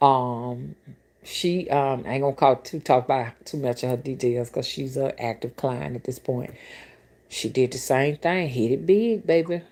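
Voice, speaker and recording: A woman's voice: rumbling low, fairly even intonation, normal speed, a little mellow. A woman who works as a rootworker and spiritual reader, telling stories to camera in a blunt, colorful way, with exclamations and asides to her viewers. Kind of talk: casual storytelling to camera.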